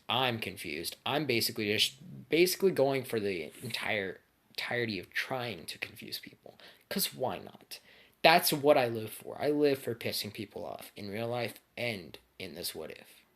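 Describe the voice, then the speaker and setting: A man's voice: fairly low pitch, expressive, normal speed, fairly bright tone. A young man telling a made-up story in a casual, rambling way, full of slang and swearing.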